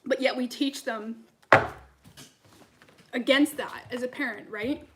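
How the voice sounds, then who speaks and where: A woman's voice: sits high, slow pace, heavy background noise. A woman, a tarot reader, ranting to camera in a heated, profane, rambling way between readings.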